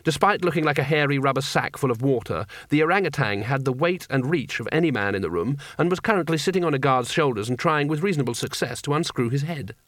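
A man's voice: medium pitch, expressive, fast talker, hardly any pauses, fairly bright tone, dry recording. A man reading a comic fantasy story aloud with dry, wry delivery. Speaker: narrator. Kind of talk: audiobook narration.

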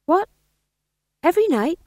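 A woman's voice: very high-pitched, sing-song, measured pace, no echo, studio quality, pitched above the performer's own voice, full character voice. A woman reading aloud, voicing a reluctant young man who asks plaintive, raised questions. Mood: startled. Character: young male actor, glum reluctant new king.

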